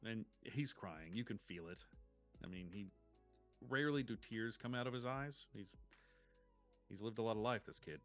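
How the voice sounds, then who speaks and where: A man running a tabletop role-playing game as game master, narrating in a measured, descriptive way with casual swearing. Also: lowish voice. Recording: dull lo-fi stream audio with faint music.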